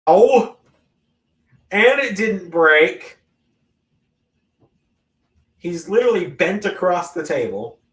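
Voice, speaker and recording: Guy reacting live to wrestling, kinda high voice that jumps all over, yelps a lot. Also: takes it slowly, long pauses, recorded from a distance. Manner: excitable, bursts into loud exclamations. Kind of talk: live watch-along reaction commentary. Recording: roomy echo, voice off-mic.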